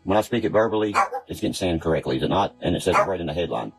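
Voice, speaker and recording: A man's voice: low voice, animated, racing, gravelly, husky. A man on a casual livestream, rambling and swearing, who keeps asking "you see what I mean". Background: background music.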